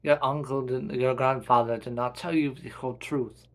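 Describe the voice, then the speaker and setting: A man's voice: medium pitch, steady tone, normal speed, natural voice. A man voicing a ruthless German villain commander, with a put-on German accent and cold, clipped threats. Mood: menacing.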